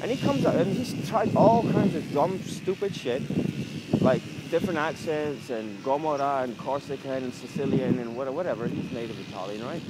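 A man, ranting to the camera in a rambling, profane, casual way while outdoors in a city. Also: mid-range voice. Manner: profane, rambling, lively delivery. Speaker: vlogger. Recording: street noise behind.

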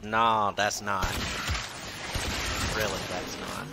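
Profane ranting man over loud game noise. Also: fairly low pitch, flat delivery, slow, vocal fry. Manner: ranting, swearing, shouting a catchphrase. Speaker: gameplay streamer. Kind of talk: profane gameplay commentary.

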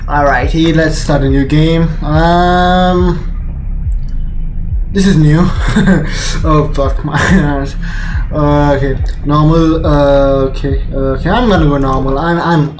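A man giving rambling, excitable commentary over his gameplay. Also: a little high, noisy background. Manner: excitable, rambling, fast bursts. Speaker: gaming YouTuber. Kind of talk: let's play commentary.

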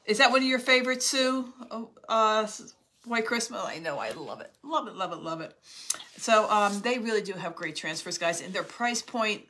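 Bright, chatty woman livestreaming crafts. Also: medium pitch, expressive, normal speed. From New Jersey. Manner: chatty, warmly greets viewers by name, gasps and laughs often. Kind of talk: live crafting stream chat. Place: home craft room.

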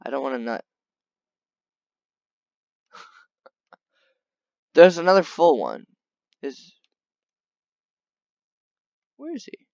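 A man chatting through a video game in a casual, excitable way, often talking straight to the creatures on screen. His voice swings widely up and down in pitch. The sound is dry and a little dull, like a simple home setup. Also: very slow, creaky, long pauses, no room sound. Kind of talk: casual gameplay commentary.

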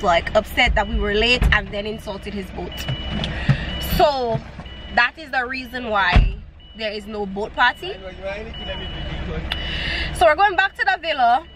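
A young woman talks straight to her phone camera in a loose, slangy travel-vlog style. Her voice sits high, and steady background noise runs under the whole recording. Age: young adult. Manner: chatty, expressive, slangy. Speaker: vlogger. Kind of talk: casual travel vlog chat. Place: outdoors at a harbor.

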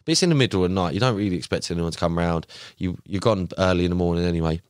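A young man, a podcast guest, chatting casually and telling animated, slangy stories full of fillers. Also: low voice, rapid-fire, clear, resonant tone, no room sound, studio quality. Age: young adult. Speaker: podcast guest, carp angler. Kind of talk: casual chat.

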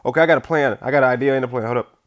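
A young man giving casual gameplay commentary, using slang and swinging between hushed focus and loud outbursts. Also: mid-range voice, racing, background noise. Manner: casual slang, says bro and y'all. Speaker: gaming YouTuber.

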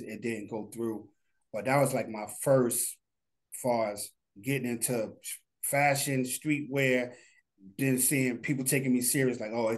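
A middle-aged man from New Jersey, a studio founder telling his story in a relaxed, rambling way with lots of fillers. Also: lowish voice. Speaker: guest, animation studio founder. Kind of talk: casual interview talk.

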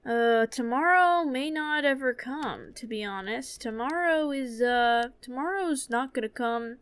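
A woman's voice: on the high side, a little slow, hardly any pauses, smooth, no room sound. A young woman streaming a horror game, chatting nervously with her viewers and reacting with jumpy alarm. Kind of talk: gaming commentary.

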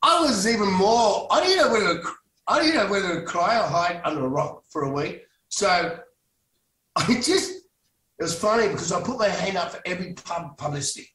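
Man telling stories, slightly high. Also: animated, moderate pace, pushed and bright. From Australia. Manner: rambling, frequent restarts, swears for emphasis. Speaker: guest, former soap actor. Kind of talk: casual storytelling interview. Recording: echoey room, distant mic, faint noise.

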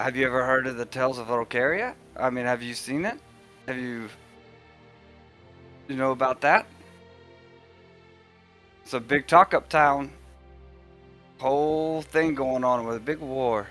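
Male player, bright forward tone, halting delivery with lots of fillers. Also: mid-range voice, faint music behind. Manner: halting, filler-heavy, laughing. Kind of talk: tabletop role-play, in and out of character.

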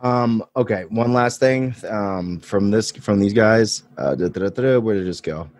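A man's voice: on the low side, normal speed, darkish tone, no echo, clean studio sound. A man hosting an interview podcast, enthusiastic and full of praise for his guest. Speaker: podcast host. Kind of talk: casual interview.

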